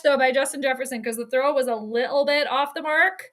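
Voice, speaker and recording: A woman with a high-pitched, sharp and bright voice calls a football game live from her home stream. She talks casually, laughs often, and reads out her chat as she goes. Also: brisk. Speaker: sports streamer doing live game commentary. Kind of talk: casual live play-by-play commentary.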